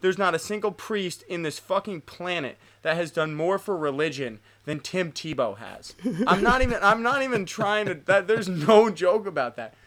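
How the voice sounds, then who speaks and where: A man's voice: sits high, normal speed, hardly any pauses. A man in his twenties chatting on a podcast, ranting and telling stories with constant swearing. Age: 20s. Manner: animated, profane ranting storyteller. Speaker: podcast co-host. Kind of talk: casual podcast chat.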